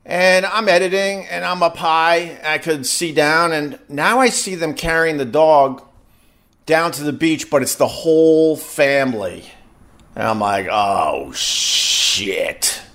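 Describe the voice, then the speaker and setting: A man's voice: on the high side, unhurried, fairly bright tone. A middle-aged man, a podcast host, telling a long casual story and stumbling over and repeating his words as he goes.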